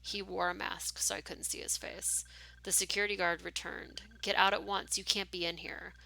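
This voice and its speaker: Gravelly-voiced woman streamer reading a game. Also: on the low side, pushed and bright. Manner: casual asides with fillers between narration. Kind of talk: reading a story game aloud with commentary.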